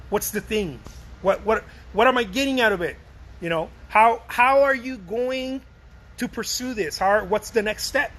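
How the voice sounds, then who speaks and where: High, bright-voiced man coaching artists. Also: slight background noise, rough recording. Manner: energetic, calls listeners "baby", acts out little dialogues. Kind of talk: casual motivational talk.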